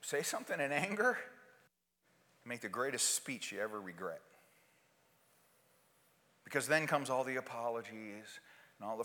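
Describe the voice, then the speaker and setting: A male pastor preaching a sermon, shifting between loud, forceful outbursts and soft, quiet asides. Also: medium pitch, in a large hall.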